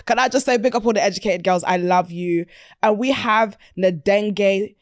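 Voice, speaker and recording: A woman hosting a podcast interview in an upbeat, playful manner full of slang and shout-outs. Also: medium pitch, normal speed, no room sound, studio quality. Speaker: podcast host. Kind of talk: lively interview chat.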